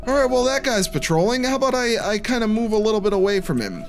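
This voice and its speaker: A young man's let's-play commentary on a horror game is chatty and jumpy, delivered quickly in a high voice with big pitch swings. Faint music runs behind him.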